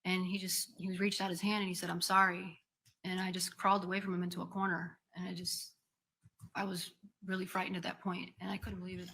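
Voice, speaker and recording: A woman in her forties testifying in a courtroom, speaking haltingly with many pauses and ums. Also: on the low side, completely flat delivery, fairly bright tone, slightly rough. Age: 40s. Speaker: defendant testifying.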